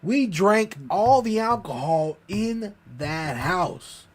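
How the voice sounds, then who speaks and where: A man telling a long, profane story in casual podcast chat, rambling and animated. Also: high-pitched, slow pace. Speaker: podcast co-host.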